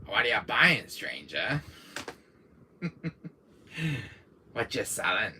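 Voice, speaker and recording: A man voicing a shady male merchant from a video game, with a low, gravelly rasp. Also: sing-song, slow pace, sharp tone, slight background noise, heavily acted. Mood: sly.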